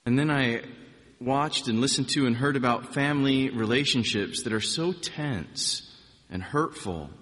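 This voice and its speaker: A man giving an informal sermon, telling personal stories in a relaxed, conversational way with frequent restarts. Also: medium pitch, measured pace, long reverb tail. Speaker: preacher.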